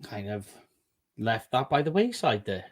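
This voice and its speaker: A man with a Welsh accent co-hosting a casual fan podcast, quick and cheeky as he winds up his friends. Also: fairly low pitch, big pitch swings, husky. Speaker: podcast co-host.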